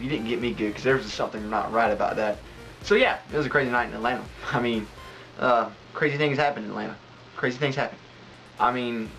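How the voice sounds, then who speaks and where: A man's voice: medium pitch, fairly bright tone, poor audio. A young man hosting a casual podcast from a home studio, telling stories in a rambling, laughing way. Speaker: podcast host.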